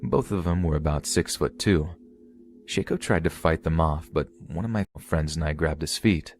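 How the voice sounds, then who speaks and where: A man reading a creepy first-person story aloud in a steady storytelling delivery. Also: very deep voice, moderate pace, slight background noise. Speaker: story narrator.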